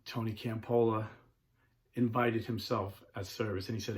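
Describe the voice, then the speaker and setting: A man's voice: lowish voice, normal speed, very noisy. Man telling stories on his show. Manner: animated storyteller, casual with filler words. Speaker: host of a Catholic talk show. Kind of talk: storytelling talk.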